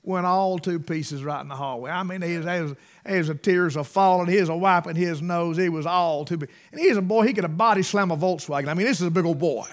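A man, preaching a sermon through folksy stories, emphatic and swinging between loud bursts and hushed asides. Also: sits high, quick pace, hardly any pauses. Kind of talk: storytelling sermon.

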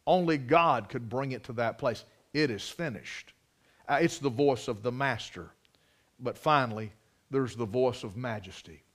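A man delivers a sermon in a middle-pitched voice. He moves from hushed, almost whispered asides to loud, ringing declarations. He preaches with heavy dramatic emphasis.

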